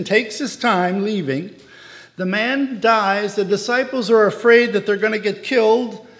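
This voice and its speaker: Man, story reading, slow pace, high voice, long hall reverb. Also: fairly bright tone. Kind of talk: reading a devotional story aloud.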